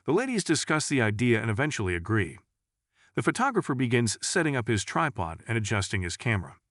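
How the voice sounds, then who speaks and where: A man reading jokes aloud in a lively, storytelling way. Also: medium pitch, fast, no echo, clean studio sound. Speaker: joke narrator. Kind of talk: scripted joke reading.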